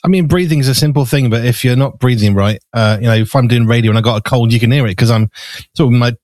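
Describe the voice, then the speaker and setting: Fast-talking Black Country man, dry sound. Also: mid-range voice, darkish tone, no echo. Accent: Black Country, softened. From Black Country, English Midlands. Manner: quick talker, chatty, laughs easily. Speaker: radio show host. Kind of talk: casual interview chat.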